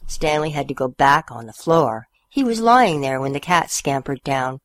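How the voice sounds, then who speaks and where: A woman hosts a small radio show and reads a children's story aloud. Her voice sits low but swings widely as she tells it, and the sound is close and dry. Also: normal speed, few pauses, dry recording. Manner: expressive storyteller, gentle and warm. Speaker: radio host reading stories. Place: community radio studio.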